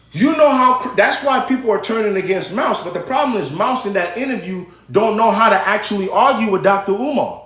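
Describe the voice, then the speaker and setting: A man's voice: high voice, a bit bright. A man hosting a live stream, chatting casually and directly to his viewers as he gives commentary. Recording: roomy echo.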